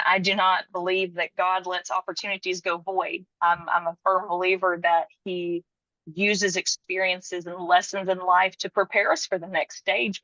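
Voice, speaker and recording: A woman's voice: fairly low pitch, a bit bright, no echo, dull audio. A woman guest on a podcast talking in a sincere, reflective way about her work and her faith, with the odd light laugh. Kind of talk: casual interview chat.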